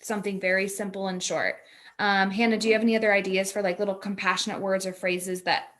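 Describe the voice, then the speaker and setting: A woman's voice: mid-range voice, flat delivery, fast talker, a bit bright. A woman co-hosting a talk, coaching a guest in a casual, chatty way, full of "like", acting out inner voices.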